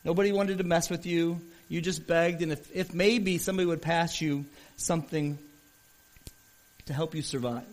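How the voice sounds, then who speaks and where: A man with a rather high voice preaches a sermon to his congregation. He talks earnestly, telling a story, speeding up and slowing down and swelling in loudness as he makes his point. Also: fairly even intonation. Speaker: pastor.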